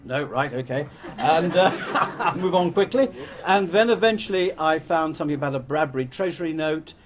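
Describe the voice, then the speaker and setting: A man's voice: on the high side, expressive, moderate pace, noisy background. An older man from England gives a rambling, anecdotal talk to an audience, often correcting himself as he goes. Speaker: public speaker.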